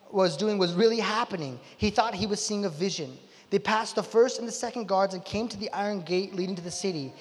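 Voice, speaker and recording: A man preaching from the pulpit with a high-pitched voice. He tells the story with lively, casual energy and slips into quick voices for the characters. His words ring out with the long reverb of a large hall. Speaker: pastor. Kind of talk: sermon.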